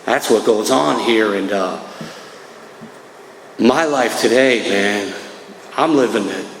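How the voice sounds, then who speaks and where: A man's voice: on the low side, slow pace. A middle-aged man from New Jersey giving a conversational personal talk at a recovery meeting, peppering it with "man" and "right". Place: meeting hall. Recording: echoey hall, faint room noise.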